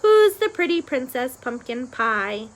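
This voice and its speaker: A woman reading aloud and voicing a dim-witted, hard-of-hearing young servant girl with rough speech and dropped g's. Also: sits high, very animated, unhurried. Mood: blunt.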